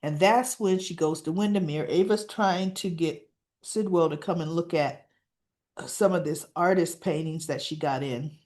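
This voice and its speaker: A woman's voice: low voice, moderate pace, a little mellow. A woman recapping a daytime soap episode in a casual way, acting out what the characters say. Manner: retells scenes with acted-out dialogue. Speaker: soap opera reviewer.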